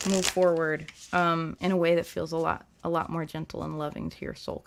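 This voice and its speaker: Gentle gravelly-voiced woman reading tarot. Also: lowish voice. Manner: gentle, chatty, many fillers. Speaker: tarot reader and livestream host. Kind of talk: live-stream tarot reading.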